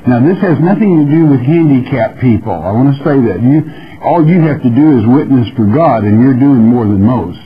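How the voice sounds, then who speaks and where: A man preaching a verse-by-verse sermon, reading scripture slowly and then explaining it in folksy asides. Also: medium pitch, animated, crowd noise. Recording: dull lo-fi radio broadcast.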